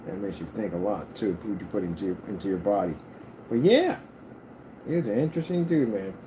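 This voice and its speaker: A man hosting his own channel, talking in a casual rambling monologue and jumping up high when he quotes people. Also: fairly quick, a little hiss or hum. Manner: animated storyteller, jumps high for quoted lines; scolding, talks straight to a critic. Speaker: channel host.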